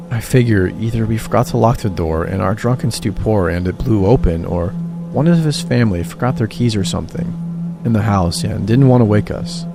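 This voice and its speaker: A man narrating a true horror story in a steady, even storytelling read. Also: fairly low pitch, vocal fry. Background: background music.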